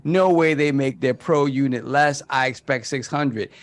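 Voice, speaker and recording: A man co-hosting a gaming podcast, reading super chats and giving shout-outs with a playful, laughing manner. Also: mid-range voice, unhurried, no room sound. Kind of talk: casual podcast banter.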